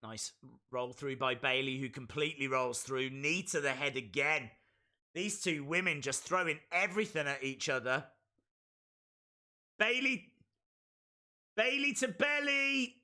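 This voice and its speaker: A man giving excitable live play-by-play reactions to a wrestling match, bursting into shouts at big moments. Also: medium pitch, normal speed. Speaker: wrestling stream host.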